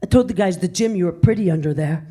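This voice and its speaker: A man's voice: sits high, expressive, warm tone, voice pushed down. A woman doing Rocky, a mumbling dim boxer guy. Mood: smug. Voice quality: slurred, slow tough-guy drawl. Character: dim, mumbling working-class male boxer. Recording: live club audience laughing.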